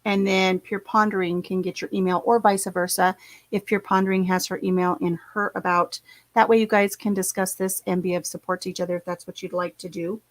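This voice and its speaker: A woman's voice: on the low side, little pitch movement, a little fast, dry recording, rough recording. Woman, middle-aged, casual rambling chat, folksy, dry close sound. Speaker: channel host.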